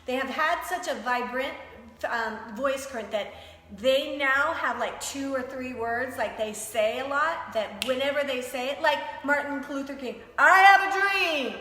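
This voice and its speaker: Woman yoga teacher, bright and chatty, demonstrative; recorded in an echoey hall with long reverb. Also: sits high, a little slow, a little hiss or hum. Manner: chatty, demonstrative, breaks into voices. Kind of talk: yoga class instruction.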